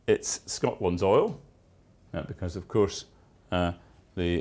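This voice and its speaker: A man's voice: sits low, a little mellow. A man giving a university lecture, with dry, wry asides and emphatic stresses on key words. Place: lecture theatre.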